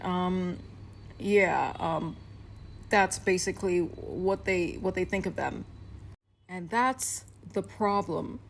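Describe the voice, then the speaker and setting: A young woman telling a personal story in a casual rant, frank and profane, with many fillers and pauses. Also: on the low side, a little hiss or hum.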